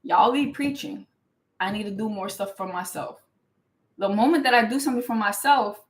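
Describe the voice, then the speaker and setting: A young woman hosts her own show and tells a personal story in a casual, rambling monologue. She is emphatic and animated and talks quickly. Her speech is loose, full of "like" fillers and restarts. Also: mid-range voice, low-quality recording. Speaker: show host.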